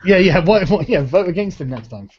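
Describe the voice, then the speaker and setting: A man's voice: high voice, expressive, brisk, dull audio, a little hiss or hum. A man in casual chat who eagerly urges the others to listen.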